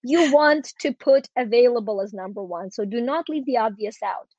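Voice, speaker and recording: A woman's voice: a little high, animated, moderate pace, darkish tone, no echo, lo-fi sound. A woman in her forties, a guest coach on a podcast, teaching a process step by step with eager emphasis. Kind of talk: podcast conversation.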